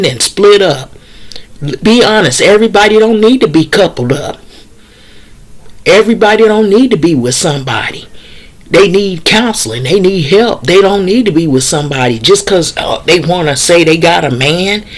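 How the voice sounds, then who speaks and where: An outspoken woman speaking her mind in an opinion vlog. Her delivery is blunt and impassioned, full of casual slang and plain talk. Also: on the low side. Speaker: vlogger.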